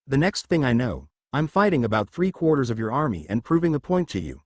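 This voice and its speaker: A man's voice: mid-range voice, sing-song, brisk, darkish tone, no echo. A man voicing a blunt, defiant young male warrior in a narrated story, reading his lines in a serious, matter-of-fact way.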